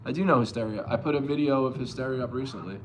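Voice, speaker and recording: A young man from Long Island streaming live as a bass player, loosely reading chat and answering with plenty of swearing. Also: very fast. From Long Island, New York. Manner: loose and profane, reads chat aloud and answers.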